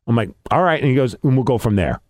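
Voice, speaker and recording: A man co-hosting a casual podcast, telling a story with animated, acted-out dialogue. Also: mid-range voice, fast, no echo. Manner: animated storytelling, acting out quoted lines.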